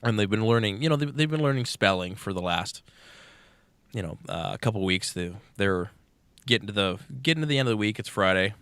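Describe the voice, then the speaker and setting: A man's voice: on the low side, expressive, a little fast, fairly bright tone, clean tone, no echo. A young man co-hosting a podcast, telling a long crude joke casually, swearing often and acting out the characters. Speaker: podcast co-host.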